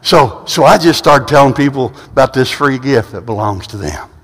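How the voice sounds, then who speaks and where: A man's voice: mid-range voice, animated, moderate pace, fairly bright tone. A man preaching a sermon as pastor in a church sanctuary. He tells stories with many restarts and repeated words. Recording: long reverb of a large hall.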